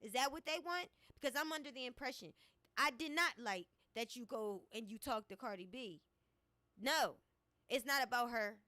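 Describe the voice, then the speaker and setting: A woman's voice: fairly high pitch, normal speed, bright, forceful tone, no room sound. A woman giving opinionated commentary on a vlog, speaking emphatically and repeating her points. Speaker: commentary vlogger.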